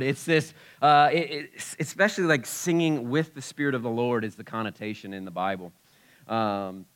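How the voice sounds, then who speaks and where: Animated man preaching a sermon. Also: medium pitch. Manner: animated, swings from soft asides to loud shouts. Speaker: pastor.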